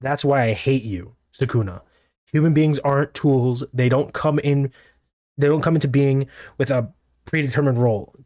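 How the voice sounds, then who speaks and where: Brief: male manga commentator, mid-pitched, rambles excitedly through chapter recaps, dry close mic. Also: normal speed, no echo. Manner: rambling, excitable, reads out dialogue in his own voice.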